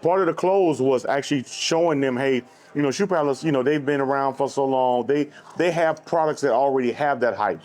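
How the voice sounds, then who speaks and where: Man, quick speech, casual dinner chat, filler-heavy storytelling. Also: medium pitch, a little mellow. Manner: fast, loose storytelling with many fillers. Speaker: brand co-founder. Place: restaurant dinner table.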